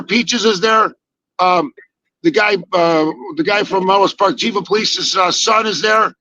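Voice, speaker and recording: Animated storytelling man, bright high voice. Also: no room sound, dull audio. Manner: animated, acts out quoted dialogue, swears casually. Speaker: podcast guest telling stories. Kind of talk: casual storytelling chat.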